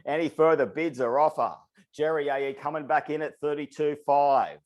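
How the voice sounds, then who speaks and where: A man calling bids at an online charity auction in a steady, repeating auctioneer's patter, slightly out of breath. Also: fairly high pitch, normal speed. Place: online webinar.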